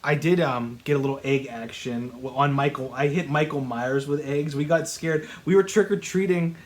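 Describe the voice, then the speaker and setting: A man's voice: medium pitch, steady tone, normal speed. A man co-hosting a casual podcast, telling childhood stories and often laughing. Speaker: podcast co-host. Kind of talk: casual chat.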